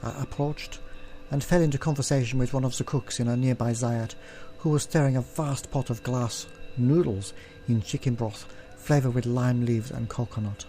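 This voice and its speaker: A man hosting a let's play, reading a text adventure aloud and clearing his throat often, with offhand asides. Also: medium pitch, fairly even intonation, moderate pace, hardly any pauses, warm tone, slight background noise.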